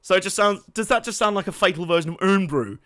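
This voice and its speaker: A young man giving casual, jokey gameplay commentary, laughing often, swearing, and bursting out excitedly. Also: high-pitched, quick pace. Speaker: let's play host.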